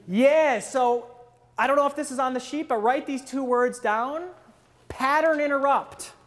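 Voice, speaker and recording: A man training people in presentation skills at a live workshop, quizzing the audience with questions and acting out listeners' wandering thoughts in a lower voice. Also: unhurried, fairly bright tone.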